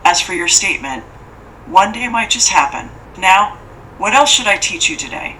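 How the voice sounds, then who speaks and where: A woman's voice: mid-range voice, lively intonation, normal speed, bright, forceful tone. A woman voicing an ancient female monster who speaks in a formal, cool and scolding way. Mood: aloof. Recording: faint noise, distant from mic.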